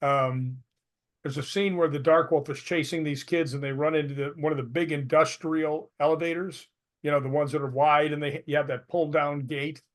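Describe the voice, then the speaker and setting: A retired stuntman, now an older man, is a guest in a casual interview, speaking at a moderate pace with a slightly high voice. His storytelling is animated, full of laughter and acted-out quotes.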